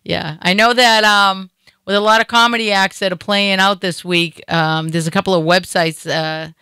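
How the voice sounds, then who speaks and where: A woman's voice: medium pitch, fairly even intonation, normal speed, bright, forceful tone, clean tone, no echo. A middle-aged woman with a Boston accent hosting a comedy talk show in a studio, chatty and joking, rambling with fillers. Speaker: radio show host. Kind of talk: casual comedic chat.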